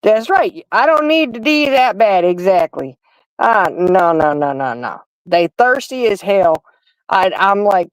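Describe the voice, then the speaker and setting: A woman's voice: medium pitch, lively intonation, unhurried, no echo, poor audio. A middle-aged woman hosting a livestream and chatting casually, telling stories straight to her viewers. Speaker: livestream host. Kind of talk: casual chat.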